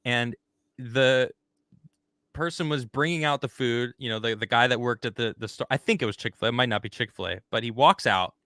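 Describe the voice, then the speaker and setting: A man hosting a casual podcast chat, talking in an animated, rambling way and acting out the people he quotes. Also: mid-range voice, fairly quick, no room sound, studio quality. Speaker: host.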